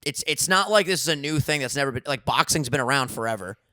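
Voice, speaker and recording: A podcast co-host with a mid-range, expressive voice that sounds pushed and bright tells stories in loose, profane, joking banter, tossing out quick jokes. It's a dry, studio-quality recording made on a studio dynamic microphone.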